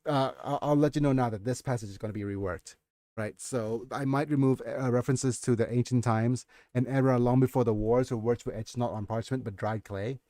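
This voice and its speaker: Brief: Nigerian-accented male streamer reading his novel, warm mellow tone, dry close sound, chatty asides. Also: mid-range voice, no room sound. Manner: breaks off to comment and laugh at himself. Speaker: streamer and author. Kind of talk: reading his own novel aloud on a livestream.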